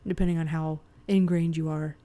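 A woman's voice: sits low, flat delivery, fairly quick, dark tone. Opinionated woman in casual chat. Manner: opinionated, explains singing technique in detail.

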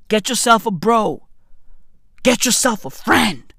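A woman's voice: medium pitch, expressive, slow, vocal fry, a bit bright, a little hiss or hum. A woman delivering a profane, slangy comedic rant, keeps asking "right?" for emphasis.

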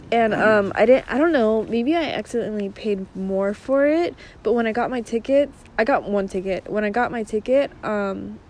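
A woman's voice: fairly high pitch, a little mellow, a little hiss or hum, rough recording. A young woman rambling through a story in casual chat, swearing often and using lots of fillers.

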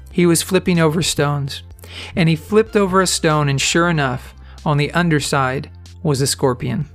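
Earnest, fairly high-voiced male podcast host. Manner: earnest, conversational, encouraging. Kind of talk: motivational podcast storytelling.

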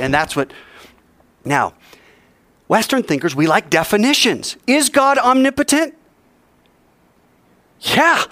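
A male teacher giving an animated classroom lecture, quizzing the class and joking as he goes. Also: fairly high pitch, no room sound.

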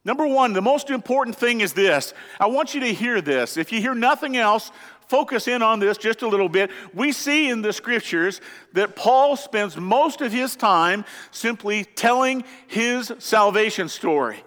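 Een hoge, heldere predikant in een galmende kerkzaal. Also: male voice, high-pitched, lively intonation, normal speed, a bit bright. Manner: earnest, emphatic preaching with rhetorical questions. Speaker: pastor. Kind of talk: sermon. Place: church sanctuary. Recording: church hall with long reverb.

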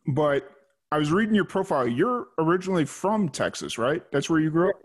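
A man's voice: a little high, very animated, breathy edge. Conversational man with a Chicago accent. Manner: friendly, conversational, quick agreeable replies. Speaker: podcast host. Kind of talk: casual interview chat.

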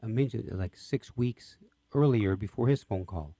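Mellow low-voiced male interviewer. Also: measured pace, dry recording. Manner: enthusiastic, prompting questions. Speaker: radio interview host. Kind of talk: interview conversation.

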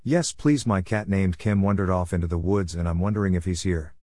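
A man's voice: low-pitched, brisk, warm tone, no room sound, clean studio sound, lightly acted. A man voicing a worried adult cat owner in a read-aloud storybook.

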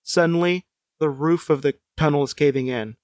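A man's voice: on the high side, normal speed, darkish tone, no room sound, clean studio sound. A man reading a gamebook aloud as a podcast co-host, with wry asides and chuckles. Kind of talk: casual chat and read-aloud narration.

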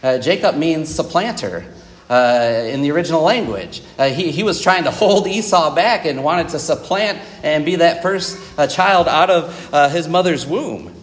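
A man delivers a sermon in a relaxed, conversational way, scattering fillers and asides to his congregation. His voice sits a bit high for a man. It carries a long reverb from the church auditorium. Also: moderate pace. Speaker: preacher.

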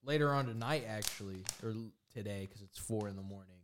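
Young man, podcast co-host, low voice, casual rambling storyteller, profane jokes. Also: a little fast, background noise. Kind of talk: casual chat.

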